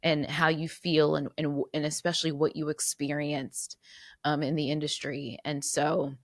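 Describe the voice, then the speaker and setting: Woman, podcast host, low voice, tearful, earnest, restarts a lot, dry recording. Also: level tone, normal speed, dry recording. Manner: earnest, repeats herself, trailing restarts. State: tearful, fighting back tears. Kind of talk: reflective solo podcast talk.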